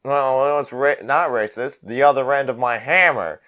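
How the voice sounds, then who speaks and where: A man voicing a gruff, threatening drunken fighter in a tabletop game. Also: mid-range voice, moderate pace, bright, forceful tone, voice pushed up, lightly acted. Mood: menacing. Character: gruff drunken adult male brawler.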